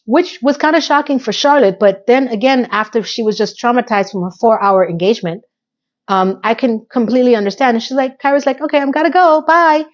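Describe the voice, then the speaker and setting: Woman, higher voice, casual recap, opinionated asides, muffled lo-fi sound. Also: a little fast. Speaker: TV episode recapper.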